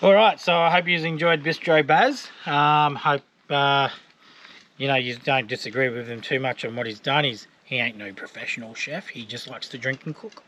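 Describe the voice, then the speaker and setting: Cooking for his vlog, this Australian guy keeps the chat casual, joking around and leaning on lots of fillers. He speaks at a moderate pace in a medium pitch, his tone pushed and bright, with a little background noise behind him.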